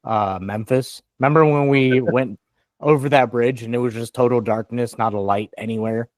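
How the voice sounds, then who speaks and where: A man's voice: medium pitch, fairly even intonation, moderate pace, dry recording. A young man co-hosting a casual sports talk show, trading jokes and teasing banter. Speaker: podcast co-host.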